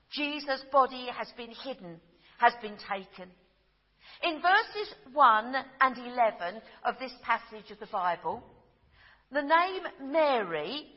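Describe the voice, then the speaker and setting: A middle-aged woman, preaching a sermon in a gentle storytelling manner that drops to a hush at tender moments. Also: a little high, big-room sound, muffled recording.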